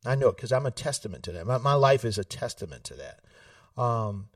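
A man, telling stories in an animated way, laughing often and acting out family voices. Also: medium pitch, fairly quick, no echo, distant mic. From South Carolina. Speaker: political candidate, guest. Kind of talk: casual storytelling interview. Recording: dry sound, set back from the mic.

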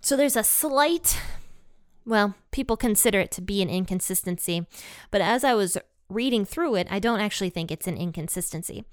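A woman from the United States hosts a casual Bible podcast from home, talking in a friendly, upbeat way and laughing easily. Her voice is smooth and clear, recorded close and dry with no room sound. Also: mid-range voice, animated, normal speed, dry recording. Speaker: podcast host. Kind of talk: casual Bible podcast chat and scripture reading.

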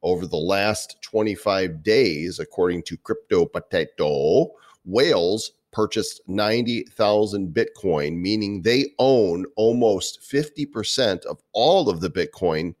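A man's voice: low voice, a little slow, hardly any pauses, darkish tone. A man co-hosting a crypto news show, reading out news items and joking with his co-host in casual chat.

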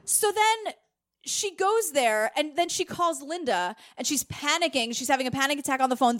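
Brief: high-pitched podcast co-host from Queens, lively, slips into voices for the people she quotes. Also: brisk, no room sound, studio quality. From Queens, New York. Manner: animated, acts out quoted people in funny voices. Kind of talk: casual chat recapping a documentary.

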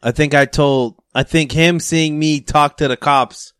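A man's voice: a little high, steady tone, a little slow, a bit bright, clear, resonant tone, no echo, studio quality. A young adult man telling a story in casual, profane podcast talk. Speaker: podcast host.

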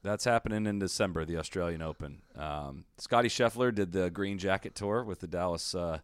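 Man, podcast co-host, low voice, opinionated, casual, dry sound. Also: dry recording. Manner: opinionated, talks in quick bursts with many fillers. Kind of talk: casual golf podcast chat.

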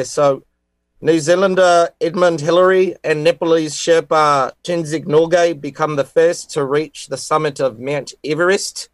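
A man co-hosts a radio show with a slightly high voice. He talks in halting bursts full of fillers and drops deadpan puns. The sound is dry and close. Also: no room sound. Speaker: radio co-host presenting history facts. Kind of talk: casual radio banter. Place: radio studio.

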